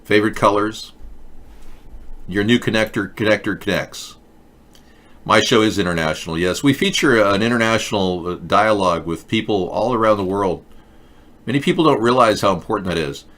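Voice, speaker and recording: A man's voice: on the low side, normal speed, a bit bright. A man hosting a live political chat show, talking in a sarcastic, mocking way. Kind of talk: casual satirical chat with live chat.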